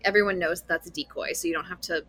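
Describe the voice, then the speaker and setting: A woman's voice: lowish voice, fairly even intonation, quick pace, pushed and bright. A woman co-hosting a casual film podcast, chatty and opinionated, with many "like" fillers. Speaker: podcast co-host. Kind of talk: casual chat about films.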